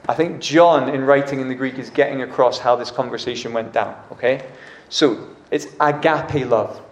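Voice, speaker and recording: A man preaching a casual, chatty sermon, often acting out the dialogue. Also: a little high. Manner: conversational, uses "like" and acts out dialogue. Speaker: pastor. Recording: echoey room.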